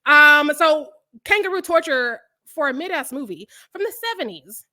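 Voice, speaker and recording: A young adult woman chatting as a podcast guest, telling stories with animated quoted voices and frequent laughter. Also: high-pitched, normal speed. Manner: animated storytelling, acts out quotes, laughs often. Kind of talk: casual chat.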